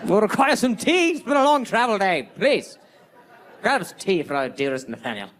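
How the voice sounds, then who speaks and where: A man's voice: high-pitched, big pitch swings, moderate pace, fairly bright tone, some chatter behind. A man doing pompous posh snob parents. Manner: pompous, stiff and formal.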